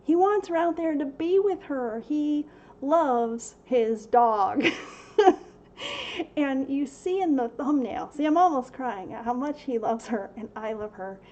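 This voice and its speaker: A middle-aged woman talks slowly and warmly on a devotional livestream, her voice sitting a little high. She laughs often and grows tearful now and then. The audio is dull and lo-fi, as from a home stream. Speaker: livestream host. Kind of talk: casual devotional livestream talk.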